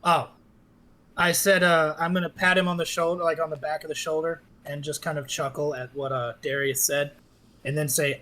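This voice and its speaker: Bright, high-voiced male player. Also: level tone, normal speed, low-quality recording. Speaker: tabletop game player. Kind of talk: casual game chat.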